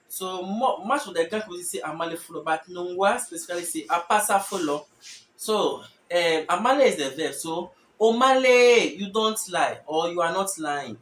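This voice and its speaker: High-voiced man teaching slowly, echoey room. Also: a bit bright, recorded from a distance, a little hiss or hum. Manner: explanatory, repeats example phrases slowly with stressed tones. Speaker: language teacher. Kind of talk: language lesson.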